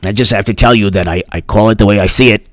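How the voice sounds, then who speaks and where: A man's voice: lowish voice, quick pace, no echo. A man hosting a casual political livestream, joking, laughing at his own lines and thanking viewers by name. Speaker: political commentator host.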